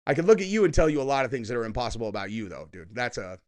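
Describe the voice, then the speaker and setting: A man in his thirties hosting political reaction commentary, sarcastic and mocking with loud outbursts. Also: mid-range voice, very animated, racing.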